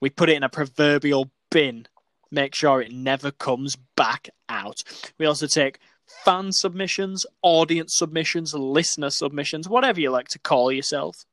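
A man co-hosting a comedy podcast. His voice sits a little high and he swears freely while teasing his co-host. The recording is dry and close. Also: normal speed, fairly bright tone, no echo. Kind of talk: casual comedy podcast banter.

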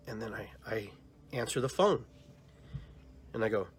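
A man in his fifties hosting a podcast, rambling softly and heartfelt as he tells a personal story. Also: lowish voice, expressive, a little slow, a little hiss or hum. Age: 50s. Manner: rambling, heartfelt, soft-spoken retelling of a dream. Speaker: podcast host.

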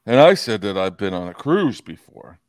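A man's voice: on the low side, very animated, moderate pace, a little mellow, dry recording. A man co-hosting a casual podcast, rambling and easygoing as he tells stories. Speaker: podcast co-host. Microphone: close podcast mic.

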